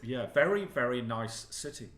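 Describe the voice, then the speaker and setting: Middle-aged dad, mid-pitched, dry teasing, roomy echo. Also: male voice, expressive, moderate pace, a bit bright. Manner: dry, matter-of-fact teasing. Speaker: co-host, father of the other host. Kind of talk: casual chat. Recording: echoey room.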